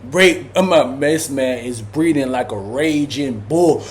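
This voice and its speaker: A young man telling a prison story in casual storytime style, animated and full of slang, acting out voices and sound effects. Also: medium pitch, slow pace, a little hiss or hum.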